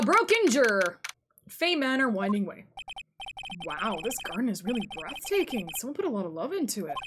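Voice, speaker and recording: A woman's voice: a little high, background noise. Playful woman streamer reading game text. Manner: playful, sarcastic asides.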